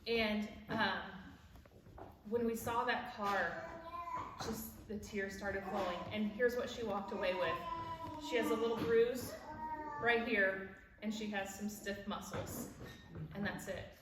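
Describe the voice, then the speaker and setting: A woman in her forties takes it slowly, pausing often in a mid-range voice, as she warmly tells a personal story with a devotional message at a church event. She laughs along and acts out the people she quotes, heard from far off in an echoey church hall with background noise.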